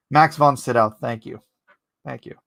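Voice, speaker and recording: A man's voice: medium pitch, fairly even intonation, measured pace, creaky, a bit bright, dry recording. A man chatting casually with his viewers while he inks a drawing live, rambling and joking as he answers the chat. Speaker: artist streaming live while inking.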